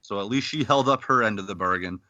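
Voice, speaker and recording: A man's voice: lowish voice, quick pace, sharp tone, no room sound, lo-fi sound. A man from Canada hosting a casual podcast, retelling scenes and quoting lines with frequent laughs. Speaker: podcast host.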